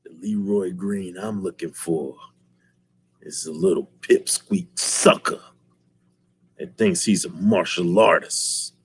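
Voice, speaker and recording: A man voicing a menacing male martial arts villain who speaks in a slow, low, threatening drawl. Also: breathy edge, full character voice.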